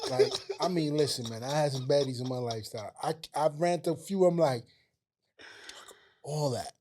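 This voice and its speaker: A man's voice: a little high, normal speed, mellow, a little hiss or hum. A man, a boxer guest talking bluntly and laughing, often stammering. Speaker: heavyweight boxer, podcast guest. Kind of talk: casual chat.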